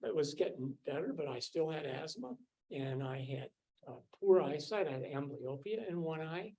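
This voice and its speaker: An older man, a scientist, recounting his student years in a relaxed, rambling way, with many fillers and restarts. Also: a little high, moderate pace, vocal fry, low-quality recording. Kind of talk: casual storytelling.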